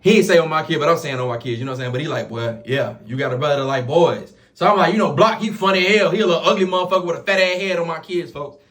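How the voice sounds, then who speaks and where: A man's voice: a little high, racing. A man telling a prison story to camera in slangy, casual talk, piling up oaths and fillers. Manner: slangy, repeats oaths and fillers, animated retelling.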